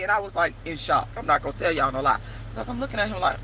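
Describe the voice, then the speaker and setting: A woman telling a story to camera in a casual vlog, animated and emphatic, swearing freely. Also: lowish voice, fast talker, a little hiss or hum, low-quality recording. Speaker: vlogger and playwright.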